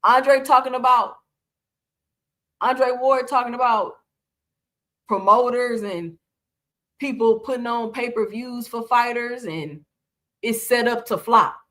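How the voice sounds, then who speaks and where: A woman's voice: on the high side, fairly even intonation, takes it slowly, pauses often, a bit bright. A woman hosting casual boxing reaction commentary, talking animatedly and piling up rhetorical questions.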